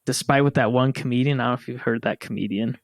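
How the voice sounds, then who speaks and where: An American man casually telling a story to his siblings on a podcast, lively and laughing as he acts out quotes. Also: medium pitch, fast, dry recording, clean studio sound. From United States.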